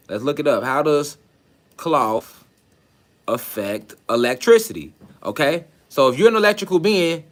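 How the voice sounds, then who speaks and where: A man's voice: medium pitch, fairly bright tone. A man giving a preachy spiritual lecture online, insistent and emphatic, who keeps firing rhetorical questions at his listeners.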